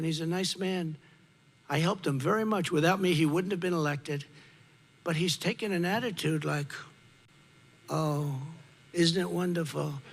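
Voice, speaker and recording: A man's voice: high-pitched, a bit bright, slightly rough. An older man giving an off-the-cuff campaign rally speech into a podium microphone, repeating short emphatic lines. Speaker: political candidate. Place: large rally venue before a crowd. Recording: reverberant rally PA, faint crowd.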